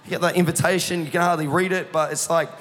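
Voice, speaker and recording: A male pastor preaching a passionate sermon that builds into shouts, his voice going hoarse. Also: fairly high pitch, fairly even intonation, fast, long reverb tail. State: losing his voice. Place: church hall. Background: music playing underneath.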